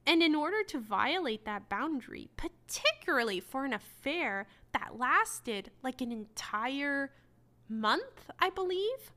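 A woman hosting a book review show, talking casually with heavy sarcasm and animated asides. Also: high voice. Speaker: book review podcast host.

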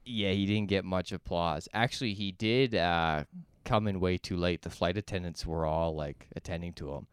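A man, a comedian co-hosting a podcast, telling a story in a laid-back, deliberate way. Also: low voice, clear, resonant tone, dry recording, studio quality. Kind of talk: casual storytelling chat.

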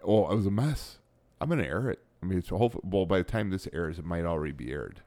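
Deep-voiced man hosting a podcast. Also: fast, dry recording. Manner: animated storyteller, laughs often, stumbles and restarts. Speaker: podcast host. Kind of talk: casual podcast chat.

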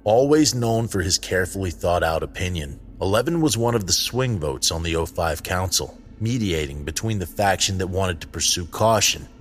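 A man reading scripted story narration in a measured, even way. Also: deep voice.

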